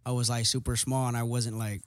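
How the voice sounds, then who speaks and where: A man working as the bartender, chatting in a relaxed, offhand way on a casual podcast. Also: medium pitch, a little fast, dry recording. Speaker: bartender guest. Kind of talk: casual bar podcast chat.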